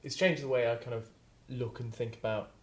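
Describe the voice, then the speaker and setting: A man's voice: medium pitch, steady tone, a little fast, reverberant. A man with a Scottish accent talking eagerly on a studio podcast, with many fillers. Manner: enthusiastic, hesitant with fillers. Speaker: podcast co-host. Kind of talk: casual studio chat.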